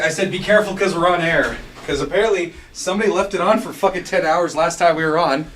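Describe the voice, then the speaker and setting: A young man hosting a podcast, rambling and joking at himself, out of breath and soft-voiced after a night of yelling. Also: fairly high pitch, fast, few pauses, a little hiss or hum. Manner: rambling, self-mocking. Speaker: podcast host. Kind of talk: casual chat.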